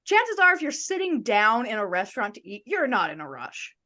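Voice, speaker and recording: A woman co-hosting a laid-back podcast shares stories and acts out what people told her. Her fairly high voice swoops wildly in pitch, sounding bright and forceful as she speaks a little fast.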